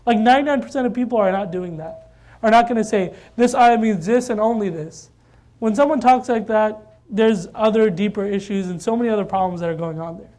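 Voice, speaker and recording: A man's voice: sits high, a little fast, a little mellow. A man giving an informal religious talk at a mosque, conversational and repeating phrases for emphasis.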